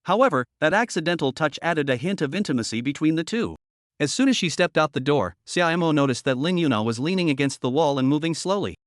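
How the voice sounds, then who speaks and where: A man reading a scripted story recap in an even, steady way. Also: on the high side, quick pace, dry recording, studio quality. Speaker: narrator.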